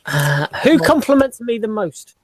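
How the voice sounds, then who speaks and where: A man's voice: high-pitched, unhurried. A man hosting a casual quiz on a podcast, teasing and laughing a lot with his friends. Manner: animated, teasing, laughs often. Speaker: podcast host.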